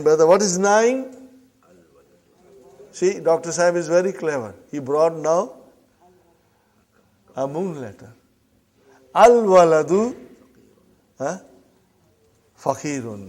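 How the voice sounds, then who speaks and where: A man's voice: fairly high pitch, a little mellow. Man teaching Arabic grammar drills. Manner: drills phrases slowly, checks in with students often. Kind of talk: classroom grammar lesson.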